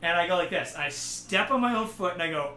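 A man hosting a casual stream, telling a story about himself in an animated, self-deprecating way. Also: high voice, fairly quick, echoey room, a little hiss or hum. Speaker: streamer host.

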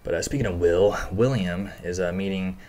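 A man's voice: sits low, moderate pace, warm tone. A man hosting a casual episode breakdown, talking loosely with lots of fillers and casual swearing. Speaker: show recap host.

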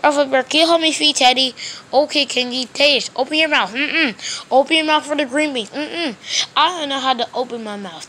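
A woman talking through a toy play scene, switching quickly between plush characters in loose, ungrammatical play talk. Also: high-pitched, pushed and bright. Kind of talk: toy play with many voices.

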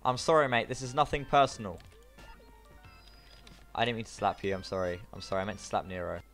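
A man chatting casually while co-playing a video game, excitable and quick to yelp and laugh. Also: lowish voice, faint music behind. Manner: excitable, yelps and laughs at mishaps. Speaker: gamer co-playing a prison game. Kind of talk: casual gaming chat.

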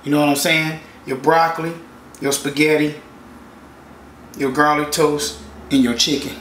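A man's voice: on the high side, flat delivery, normal speed, fairly bright tone. A man hosting a home cooking show, chatting casually and talking the viewer through each step in his kitchen. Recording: echoey kitchen, far from mic, sizzling noise. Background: frying and sizzling from the pan.

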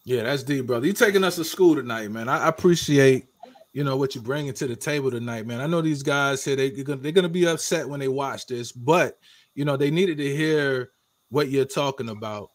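A man's voice: mid-range voice, fairly quick. A man, interviewing casually and praising his guest.

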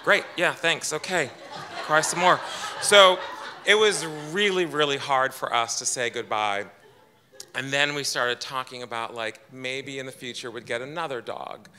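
A man with a very bright, ringing voice tells a personal story to a live audience. He is chatty and self-deprecating, and he slips into quoted lines of dialogue in his own voice. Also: mid-range voice, normal speed. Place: event room with audience.

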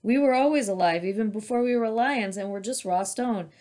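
A woman's voice: a little high, brisk, a little mellow, pitched above the performer's own voice, close to an everyday voice. A woman voicing an ancient male stone lion, wise and firm, lecturing a young dragon. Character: old, wise male guardian lion statue.

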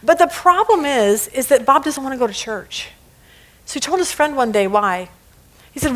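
A woman teaching a casual Bible study lesson, animated, often laughing and acting out little scenes. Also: high voice, moderate pace, poor audio.

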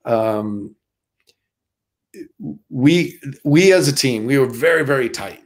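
A man's voice: mid-range voice, slow. A middle-aged man, a stuntman guest, telling stories in a casual interview with lots of restarts. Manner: animated storyteller with many restarts.

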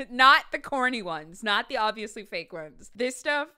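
A young adult woman hosting a stream, chatting casually and excitably as she reacts to videos and pictures, often breaking into laughter. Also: fairly high pitch, a little slow, smooth. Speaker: streamer host.

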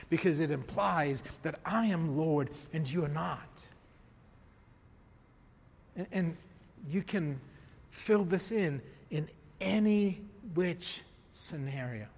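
A man preaching a sermon as pastor, emphatic, swinging from quiet to raised. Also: on the high side, slow pace, creaky, long pauses, long reverb tail. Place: church.

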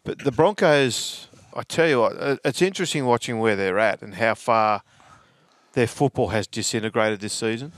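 An Australian man on a sports podcast panel, analysing the game in a measured, conversational way. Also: medium pitch, no echo. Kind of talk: casual sports chat. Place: studio.

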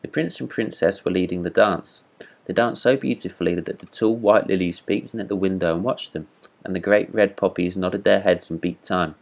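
A man reading a classic fairy tale aloud as a storyteller, in steady read-aloud narration. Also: deep voice, creaky.

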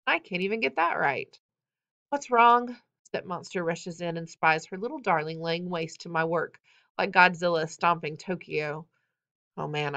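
A woman reading a novel aloud in an expressive, wry first-person storytelling manner. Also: lowish voice. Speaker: audiobook reader.

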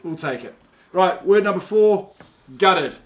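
A young father with a New Zealand accent talks through a casual home lesson. His delivery is playful and laid-back, with halting starts and easy restarts. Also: high voice, expressive. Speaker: dad teaching his young daughter slang. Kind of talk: casual instructional video.

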